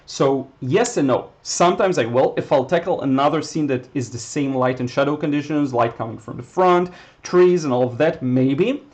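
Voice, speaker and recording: Man, Israeli accent, native Hebrew speaker, relaxed livestream art teacher, mid pitch, slightly dull audio. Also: normal speed. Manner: relaxed, thinking aloud, with fillers and restarts. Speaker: watercolor instructor. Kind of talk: casual livestream teaching and chat Q&A.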